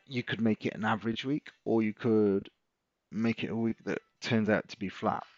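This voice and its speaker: A man's voice: fairly low pitch, fairly even intonation, normal speed, darkish tone, dry recording, dull audio. A middle-aged man, hosting a live stream as a trading coach, chatting casually and encouraging viewers as he reads out their comments.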